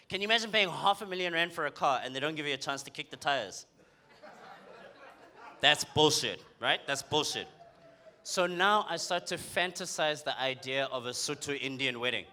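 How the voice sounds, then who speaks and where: A young man from South Africa with a South African accent, doing a punchy, teasing stand-up comedy set on a comedy club stage. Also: fairly high pitch. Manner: punchy, animated, teasing the crowd.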